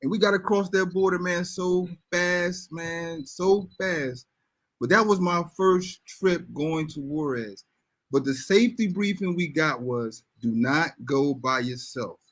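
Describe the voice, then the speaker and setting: Man in his forties, husky and fairly high, animated storyteller who acts out the people in his stories. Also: measured pace. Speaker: storyteller on a podcast. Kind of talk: casual storytelling chat.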